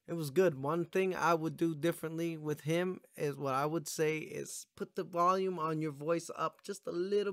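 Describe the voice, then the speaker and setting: A man's voice: fairly high pitch, dry recording. Laid-back swearing man reacting to music. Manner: laid-back, rambling, swears often, yawning. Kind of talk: casual reaction commentary. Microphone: gaming headphones setup.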